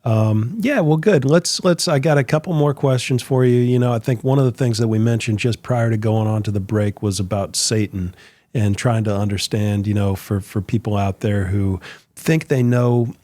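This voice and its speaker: Easygoing, lower-voiced man podcast host. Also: moderate pace, mellow, no room sound. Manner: easygoing, hesitant, repeats words while forming questions. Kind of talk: casual interview chat.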